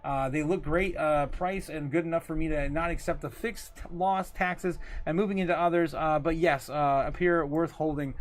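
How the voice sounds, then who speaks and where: A man's voice: fairly high pitch, steady tone, moderate pace, hardly any pauses. A man hosting a casual livestream, rambling loosely, reading viewer comments aloud and laughing often between lines. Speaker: livestream host.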